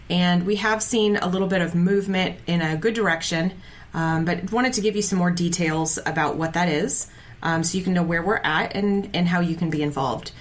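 Low-voiced woman co-hosting a podcast. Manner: conversational, steady, with frequent fillers. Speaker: podcast co-host. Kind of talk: casual podcast chat.

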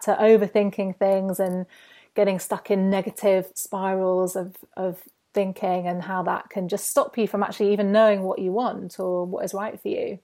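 A woman's voice: mid-range voice, warm tone. A woman hosting a podcast, asking questions in a reflective, friendly conversational way. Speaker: podcast host. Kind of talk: casual interview.

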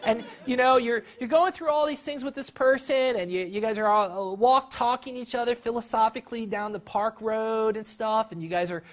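A workshop leader talking a live group through a guided exercise, acting out scenes with sudden jumps in pitch and often repeating words and restarting. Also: moderate pace, hardly any pauses, a faint crowd. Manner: animated, acts out scenes with big jumps in pitch.

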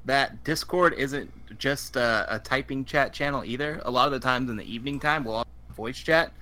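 A man's voice: medium pitch, moderate pace, sharp tone. A man co-hosting a casual podcast, talking in a laid-back, meandering way. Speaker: podcast co-host.

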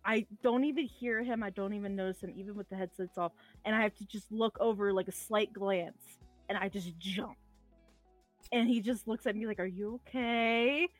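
A woman chatting casually on a call, animated and swearing freely. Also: mid-range voice, no echo, faint music behind. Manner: animated, swearing, quick to laugh. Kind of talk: casual chat. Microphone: headphones on.

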